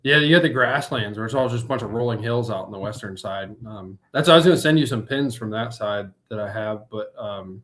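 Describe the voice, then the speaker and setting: A man's voice: lowish voice, brisk, few pauses, fairly bright tone. A man chatting as a podcast guest in an easygoing, laid-back way. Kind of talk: casual chat.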